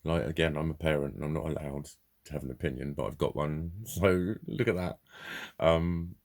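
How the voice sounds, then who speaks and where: A man with a notably deep, low voice, speaking in a casual vlog monologue. He rambles and restarts his sentences, swears constantly and speaks with blunt, unfiltered candour. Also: moderate pace, gravelly. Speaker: vlogger.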